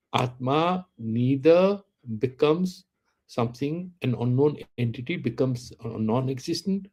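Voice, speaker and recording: A man gives a philosophy lesson, glossing Sanskrit words as he goes. His voice is gravelly with a mellow, dark tone. He keeps asking rhetorical questions and then answering them himself. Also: on the high side. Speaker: Vedanta teacher. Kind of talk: philosophy lecture.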